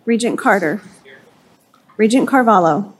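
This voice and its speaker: A woman's voice: medium pitch, expressive, a little slow, breathy edge. Woman clerk reading a roll call. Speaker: board clerk calling the roll.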